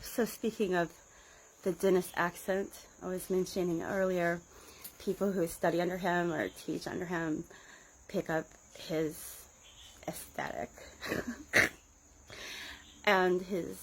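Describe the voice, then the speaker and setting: A woman's voice: fairly low pitch, fairly even intonation, slow, pauses often, background noise. A woman in her forties telling a rambling, sardonic story to the camera, with frequent laughs and side remarks. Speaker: vlogger recounting her past in a cult. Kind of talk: casual storytelling monologue.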